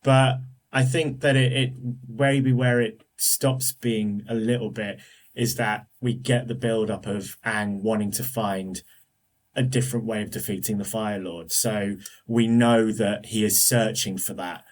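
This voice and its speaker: A man's voice: lowish voice, fairly even intonation, unhurried. A man talking as a guest on a podcast, enthusiastic and often restarting his sentences. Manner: enthusiastic, many restarts and fillers. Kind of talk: casual podcast discussion.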